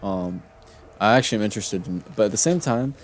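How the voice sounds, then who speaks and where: A man's voice: on the low side, fast, slight background noise. A young man streaming a game, telling a long personal story in a casual, rambling way with many fillers and restarts. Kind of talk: casual storytelling while gaming.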